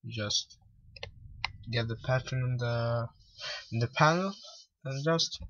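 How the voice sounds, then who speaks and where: A man's voice: mid-range voice, slow pace, fairly bright tone, no room sound. A man at home rambling casually through gameplay commentary with mumbled asides. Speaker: gamer. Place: at home with pets. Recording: dull lo-fi with faint music.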